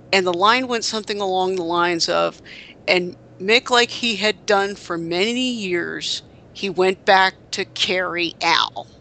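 Bright-voiced rambling podcast host. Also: male voice, high-pitched, slight background noise. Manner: rambling, self-correcting storyteller. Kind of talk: casual chat.

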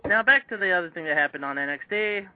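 A man's voice: sits high, lively intonation, fast talker, no echo. A man hosting a casual chat show, steering the talk and putting questions to the others. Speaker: podcast host. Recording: tinny phone-like line.

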